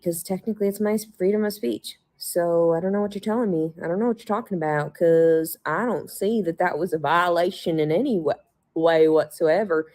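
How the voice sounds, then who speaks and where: Sarcastic woman ranting, low voice. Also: darkish tone. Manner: mocking, sarcastic, swears often, laughs to herself. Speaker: vlogger. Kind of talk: ranting monologue to viewers.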